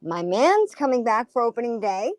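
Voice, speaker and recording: A woman's voice: on the high side, sing-song, moderate pace, crowd noise. A woman from Boston with a Boston accent, chatting casually on a live show and laughing easily. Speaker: live show chat participant. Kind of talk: casual chat.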